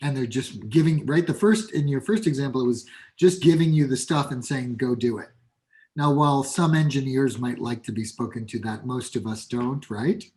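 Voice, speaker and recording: Guest coach, male, New York accent, plain mid pitch, punchy and direct. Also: normal speed, hardly any pauses, dark tone. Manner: blunt, emphatic, acts out example dialogues. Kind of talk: conversational podcast interview.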